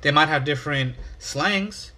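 A man's voice: fairly high pitch, measured pace, bright, forceful tone, slight background noise. Rambling, profane podcast host, a man. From United States. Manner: rambling, profane, self-mocking. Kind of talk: casual solo podcast rambling.

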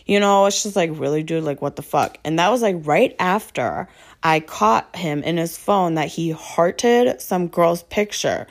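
A woman's voice: fairly low pitch, unhurried. A woman talking off the cuff in a loose, rambling way, packed with filler words and swearing, often exasperated and asking rhetorical questions. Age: adult with children. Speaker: vlogger venting about her partner. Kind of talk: casual unscripted monologue.

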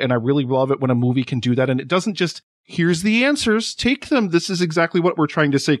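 A man's voice: mid-range voice, no room sound, studio quality. A man guesting on a film podcast, enthusiastic and analytical in casual chat. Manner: enthusiastic, analytical, quick bursts.

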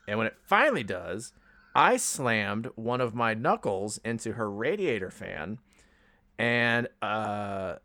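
Low-voiced guy on a podcast, rambling story full of ums, dry close sound. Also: fairly bright tone, dry recording. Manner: rambling storytelling with many fillers. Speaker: podcast co-host. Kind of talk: casual chat.

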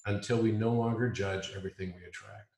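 A man's voice: on the low side, fairly even intonation, fast talker, vocal fry, darkish tone. A man as an interview guest, earnestly musing on spiritual ideas and restating his points. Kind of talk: reflective spiritual conversation. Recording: roomy echo.

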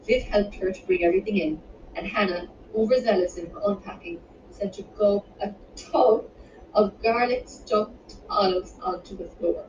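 A woman narrates her own romance novel in a steady, unhurried reading voice. She sits some way from the mic in a roomy space, and the sound is dull and muffled. Steady background noise runs under her. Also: mid-range voice, distant mic. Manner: measured, unhurried reading with small restarts. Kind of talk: audiobook narration.

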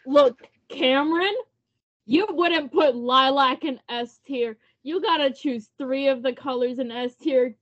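Slow-talking playful woman. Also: high-pitched, fairly bright tone. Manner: playful, easygoing. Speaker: podcast co-host. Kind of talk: casual chat. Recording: slightly muffled podcast audio.

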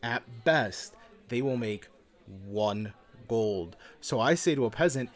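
A man co-hosting a podcast who talks in a relaxed, conversational way. He explains ideas at length with loose, offhand phrasing. He drops a swear word here and there without much emphasis. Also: medium pitch, slow pace. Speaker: podcast co-host. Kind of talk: casual chat about tabletop games.

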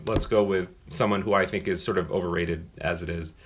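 A man's voice: low voice, fairly even intonation, fairly quick. A man co-hosting a casual podcast who gives dry, blunt opinions on actors. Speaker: podcast co-host. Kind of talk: casual movie chat.

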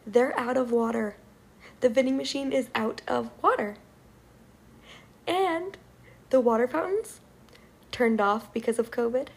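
Speaking a little slowly and pausing often, a young woman with a fairly high voice and vocal fry delivers a storytime rant to her viewers. This vlogger sounds frustrated, curses freely and fills her speech with "like."

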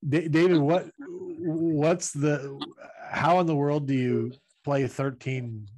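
A man's voice: a little high, fairly even intonation, a little mellow, no room sound. A man hosting an interview, curious and conversational, often restarting his sentences as he talks. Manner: curious, halting, many restarts. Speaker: host. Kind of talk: casual interview chat.

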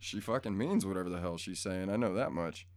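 A man's voice: low-pitched, brisk, a little mellow, no echo. A man in a casual, profane rant to his viewers, blunt and crude, rambling and easily pulled off track, recorded at home. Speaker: vlogger. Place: home room.

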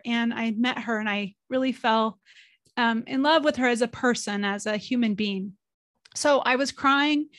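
A woman's voice: fairly high pitch, no room sound. A woman hosting a faith podcast, talking in an emotional, chatty way as she introduces her guests. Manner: warm-hearted, emotional, chatty. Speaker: podcast host.

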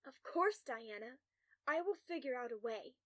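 A woman's voice: fairly high pitch, expressive, measured pace, a bit bright, dry recording, clean studio sound. A woman voicing an eager, insinuating male patient in an audio story. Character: delusional grinning male patient, unsettling.

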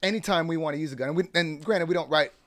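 A man's voice: on the high side, a bit bright. A man talking on a studio microphone as a podcast guest, loose and chatty, full of "like" fillers. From United States. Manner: fast, loose, many "like" fillers, laughs easily. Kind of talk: casual chat.

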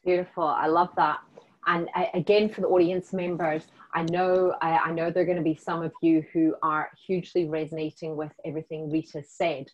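A woman interview host speaks with an accent that mixes South African and Scottish vowels. Her voice sits a little low, and she talks in an upbeat, effusive way, full of praise for her guest. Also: level tone, brisk, dull audio. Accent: mixed South African and Scottish. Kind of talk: casual interview chat.

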